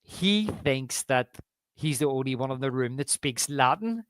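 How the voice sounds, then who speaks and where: A man's voice: medium pitch, lively intonation, unhurried, a bit bright, clear, resonant tone, dry recording. A man co-hosting a podcast, chatting casually and eagerly about a film scene by scene and quoting its lines. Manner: enthusiastic, quotes lines from the film. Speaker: podcast co-host. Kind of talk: casual movie review chat.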